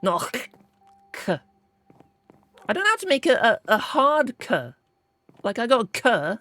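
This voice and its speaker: Slow, playful woman streamer. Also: on the high side, big pitch swings, a bit bright, soft background music. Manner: playful, chatty and self-mocking while playing. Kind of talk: casual gaming stream chat.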